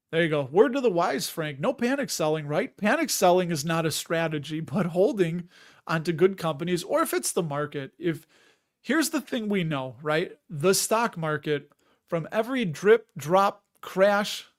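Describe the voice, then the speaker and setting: Chatty, rambling male stream host. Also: on the high side. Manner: rambling, chatty, reads viewer comments aloud. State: tired. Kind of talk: casual live-stream chat.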